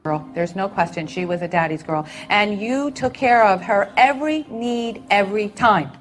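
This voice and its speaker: A woman giving a spirit-medium reading, speaking softly and slowly in a soothing, reassuring way. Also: medium pitch, expressive. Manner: soft, slow, soothing reassurance. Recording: clip with faint background noise.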